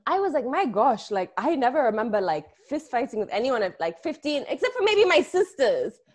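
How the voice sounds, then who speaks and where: Animated young woman telling stories. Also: high voice, a little fast. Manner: animated storyteller, swears freely, laughs often. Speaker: podcast co-host. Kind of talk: casual chat.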